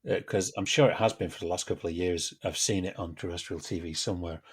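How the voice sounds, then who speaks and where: A man's voice: low voice, fairly even intonation, fast, breathy edge. A British man hosting a podcast in casual chat, laughing often and going on grumbling rants. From Britain. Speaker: podcast host.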